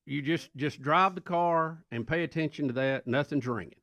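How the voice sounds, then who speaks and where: A man imitating his elderly mother, a brisk older woman with a dismissive, matter-of-fact manner. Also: a little high, a bit bright, no room sound.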